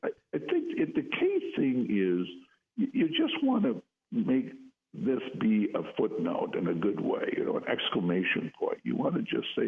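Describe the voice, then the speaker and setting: A man's voice: mid-range voice, wildly swooping pitch, normal speed, gravelly. An older man in radio chat, speaking earnestly and often restarting his sentences. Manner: earnest, repeats words when starting sentences. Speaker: psychologist guest. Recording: tinny phone-like line.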